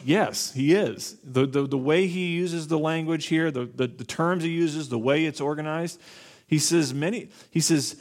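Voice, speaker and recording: A man preaching an expository sermon as pastor, talking deliberately and repeating key phrases. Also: a little high.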